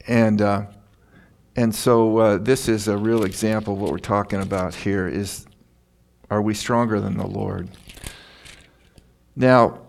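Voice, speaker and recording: Gravelly-voiced pastor telling stories. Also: male voice, on the low side. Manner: conversational, self-deprecating storytelling with chuckles. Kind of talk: sermon. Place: church.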